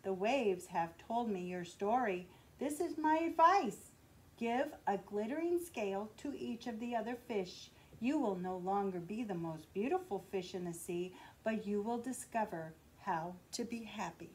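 A woman reading a storybook aloud, voicing a wise, mysterious female octopus with a deep voice. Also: animated, a little slow, lightly acted, low-quality recording. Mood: solemn.

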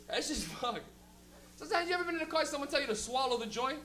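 A stand-up comedian doing a live set, rowdy and profane, breaking into loud shouted impressions. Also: high voice, rapid-fire, some chatter behind.

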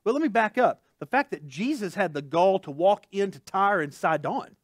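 A man preaches a sermon in a loose, conversational way, tossing in jokes and asides as he goes. His voice sits high and swings widely in pitch. The sound is dry and close. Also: animated, moderate pace, dry recording. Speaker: pastor. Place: church.

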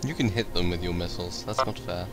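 A man's voice: deep voice, fast talker. A young man playing an online game with friends, joking and complaining playfully over voice chat. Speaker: gamer on voice chat. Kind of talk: casual gaming banter. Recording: game music behind the voice chat.

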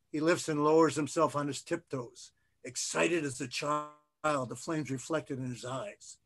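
Man giving a measured literary reading. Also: a little high, steady tone, a bit bright. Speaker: author reading his novel.

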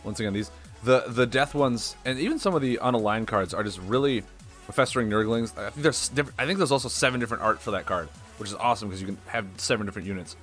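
A man's voice: fairly low pitch, fast, a bit bright, faint music behind. A young man chatting casually on a live stream as he opens card packs and reads the card names aloud.

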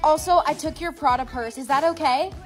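A woman's voice: high-pitched, a little fast, faint music behind, natural voice. A woman voicing a pushy, chatty teenage girl friend in a comedy skit.

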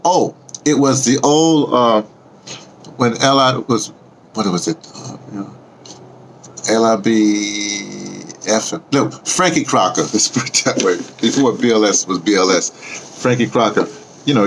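Low-voiced man rambling casually. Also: a little hiss or hum. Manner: rambling, chatty, sings along to a record. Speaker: vlogger.

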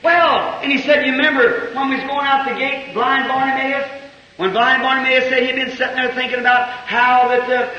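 A man preaching a sermon, acting out dramatic quotes and rising to shouted climaxes. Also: extremely high pitch, little pitch movement, moderate pace. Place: church service with congregation. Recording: dull echoey old church recording.

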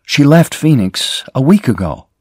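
An anxious young woman pleads for help to find her sister, as a male narrator reads her lines. Her voice swings widely, rising high and strained, and the delivery is slow and deliberate. The sound is dry and close. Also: big pitch swings, slightly rough, dry recording. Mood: worried, pleading.

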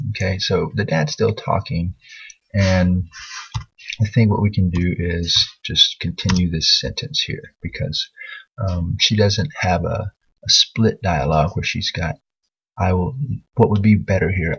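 A man with a deep, gravelly and very husky voice teaches a writing lesson. He talks patiently through corrections to a student's work, thinking aloud as he goes. The screen recording sounds dull and lo-fi. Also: fairly even intonation, measured pace, a bit bright.

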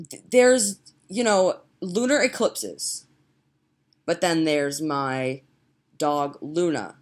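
A young woman rambling in a casual home vlog, chatty and giggly, laughing at herself as she talks. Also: low voice. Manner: chatty, giggly, self-mocking. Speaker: vlogger. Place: home, indoors.

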